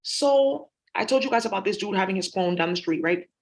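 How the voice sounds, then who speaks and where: A woman talking in a rapid, profane monologue that jumps from topic to topic. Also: medium pitch, lively intonation, vocal fry. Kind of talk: rambling monologue.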